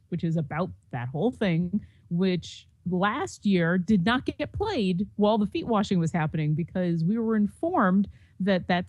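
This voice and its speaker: A woman talks easily in a casual podcast chat, mid-pitched and quick to laugh. The sound is dry and close, with no room behind her voice. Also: darkish tone, dry recording. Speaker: podcast co-host and church musician.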